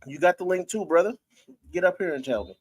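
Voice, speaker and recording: A man's voice: high-pitched, expressive, quick pace, husky. A man hosting a casual live-stream sports talk show, talking loosely with his viewers and breaking into laughter.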